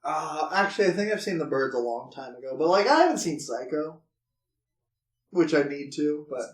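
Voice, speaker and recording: A man's voice: on the high side, sing-song, normal speed. A man co-hosting a casual movie review podcast, rambling with lots of fillers as he retells scenes. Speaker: podcast co-host. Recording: echoey room.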